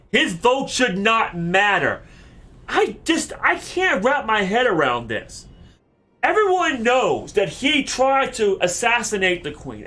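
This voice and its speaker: A man streaming a game, giving heated, animated commentary full of cursing. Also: sits high. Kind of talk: let's play commentary.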